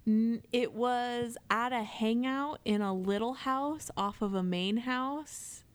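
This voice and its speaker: Chatty higher-voiced woman podcaster. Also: takes it slowly, clean tone. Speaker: podcast co-host. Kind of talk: casual chat.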